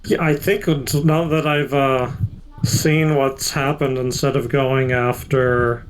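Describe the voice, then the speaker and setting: Flat-voiced hesitant male player. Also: medium pitch, slow, a little hiss or hum, poor audio. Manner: hesitant, thinking aloud. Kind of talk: tabletop game play.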